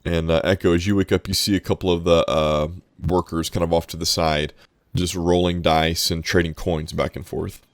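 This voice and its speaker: A man narrating as game master of a tabletop role-playing game, casual and halting, with many fillers. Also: low voice, level tone, dry recording, clean studio sound.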